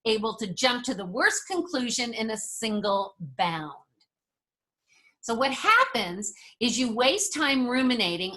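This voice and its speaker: A woman teaching a resilience workshop, a lively storyteller who acts out dialogue and talks straight to her listeners. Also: on the high side. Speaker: resilience instructor. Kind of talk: motivational workshop talk.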